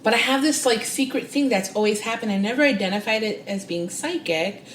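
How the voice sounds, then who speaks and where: A woman, guest on a podcast, telling a personal story with lively, expressive delivery and acting out the voices she quotes. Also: a little fast, roomy sound, a little hiss or hum. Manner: expressive, acts out quoted voices with big pitch jumps. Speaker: guest psychic and spiritual coach. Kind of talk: animated storytelling in interview.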